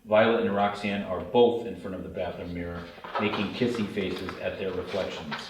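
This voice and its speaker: Deep-voiced man reading scene directions. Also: fairly even intonation, normal speed. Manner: plain, matter-of-fact reading. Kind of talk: script read-through narration. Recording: very echoey, distant, faint hiss.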